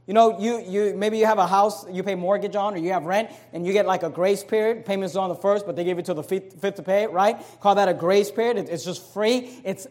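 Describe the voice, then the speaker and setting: A man preaching a sermon as pastor, emphatic, with sudden swings between loud passages and hushed ones. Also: high voice.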